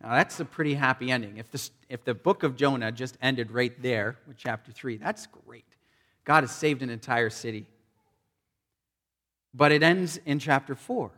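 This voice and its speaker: A man preaching a sermon, retelling a scripture story with animated emphasis and acted-out voices. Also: medium pitch, moderate pace, in a large hall. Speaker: pastor.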